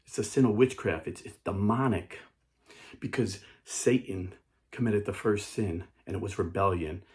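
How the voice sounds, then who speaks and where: At a moderate pace, a man in a lowish voice preaches earnestly as a Catholic priest, telling a parable. He frequently restarts sentences and repeats words.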